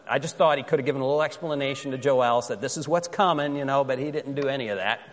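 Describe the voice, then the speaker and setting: A man preaching a sermon as pastor, telling a story in a conversational way and reading scripture slowly and with care. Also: medium pitch, long reverb tail.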